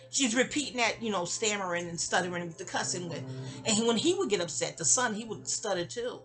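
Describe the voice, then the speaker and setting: A woman's voice: medium pitch, animated, fairly quick, fairly bright tone, faint music behind. A woman, telling a personal story in a casual, rambling audio-diary style, stammering and restarting and acting out quoted lines.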